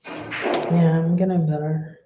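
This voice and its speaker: A woman's voice: low voice, level tone, takes it slowly, echoey room, background noise. A woman boxer with a Spanish accent and Spanish as her first language, chatting loosely and swearing freely on a casual live stream. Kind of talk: casual live-stream chat answering comments.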